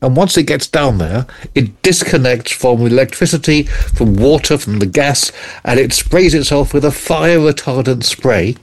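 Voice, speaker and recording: Male co-host, mid-pitched, chatty explainer with a light joking manner. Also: lively intonation, normal speed. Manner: chatty, explains then jokes and laughs. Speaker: radio co-host presenting gadget news. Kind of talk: casual radio chat. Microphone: studio mic.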